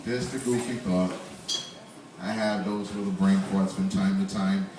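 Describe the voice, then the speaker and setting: A man's voice: low voice, fairly even intonation, measured pace, noisy background. A man in his forties doing a loose, conversational stand-up comedy set in a small bar, laughing at his own jokes. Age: 40s. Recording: roomy bar, voice from far off.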